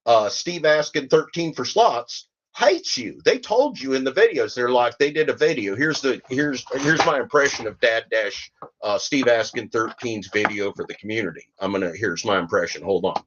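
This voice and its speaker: A man's voice: mid-range voice, fairly quick, lo-fi sound, noisy background. A man hosting a podcast, giving rambling, sardonic commentary and often repeating himself. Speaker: podcast host.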